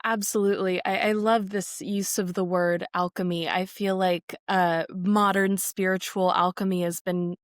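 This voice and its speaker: A woman's voice: medium pitch, little pitch movement, normal speed, hardly any pauses, dry recording, studio quality. A woman hosting a podcast interview, responding to her guest with affirming enthusiasm and fillers. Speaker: podcast host.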